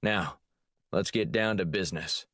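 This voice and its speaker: A man voicing a gruff old spy chief. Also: low voice, measured pace, a bit bright, no room sound, clean studio sound. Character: brusque older male spy chief, cigar lover.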